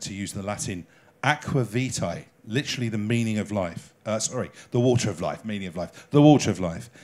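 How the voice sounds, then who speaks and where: An English man giving a chatty lecture on whisky to an audience, with slides, often checking in with the room and making small jokes. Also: medium pitch. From England. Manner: chatty, jokey, asks the audience questions. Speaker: cruise ship enrichment lecturer.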